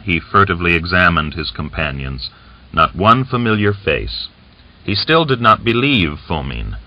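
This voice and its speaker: A man narrating an audiobook novel in a measured, even storytelling delivery, on a dull lo-fi recording. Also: low voice. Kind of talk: scripted narration.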